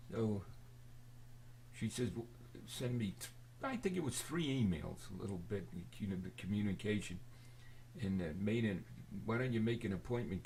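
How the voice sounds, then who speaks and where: An older man with a fairly low voice rambles through a personal story for his video, forgetful and halting. He trips over restarts and fillers as he goes, with a faint hiss of noise behind him. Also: gravelly. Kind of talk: rambling casual storytelling to camera.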